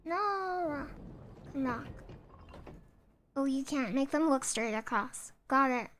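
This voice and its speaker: A woman's voice: high-pitched, lively intonation, slow, fairly bright tone, slight background noise. A woman streaming a game, joking around and commenting casually as she plays. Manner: playful, jokey and self-amused.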